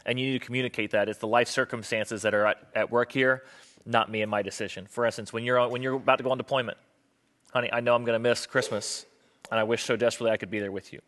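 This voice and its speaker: A man's voice: mid-range voice, fairly even intonation, fast, a bit bright. A young man preaching a sermon on marriage to a live audience, conversational and self-deprecating, acting out the people he quotes. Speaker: pastor.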